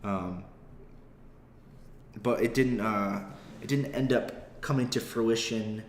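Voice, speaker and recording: A man's voice: fairly low pitch, slow pace, a little hiss or hum. A young adult man, a comedian hosting his podcast, tells a story in a rambling, profane, self-deprecating way. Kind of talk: casual comedic podcast monologue. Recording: roomy echo.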